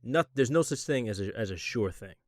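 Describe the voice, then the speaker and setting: A man's voice: medium pitch, expressive, brisk, dry recording, studio quality. A man in a casual podcast chat, laid-back and reflective, swearing freely.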